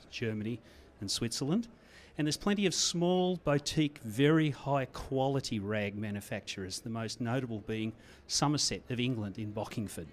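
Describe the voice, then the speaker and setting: A man addresses the room as a sponsor, pitching his business with dry, wry humor. His voice sits at a mid pitch and stays conversational throughout. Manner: wry, salesmanlike. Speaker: company representative, sponsor. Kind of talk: sponsor speech. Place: judging room at a photography awards event.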